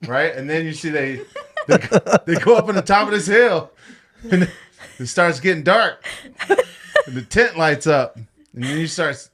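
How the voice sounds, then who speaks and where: A young man hosting a podcast, telling a story in casual chat, animated and profane, laughing often and acting out quotes. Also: fairly high pitch, measured pace, long pauses. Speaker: podcast host.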